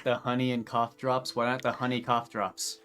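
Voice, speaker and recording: A co-streamer chatting casually on a live stream, teasing and swearing now and then. The voice sits at a middle pitch. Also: little pitch movement, moderate pace, music in the background.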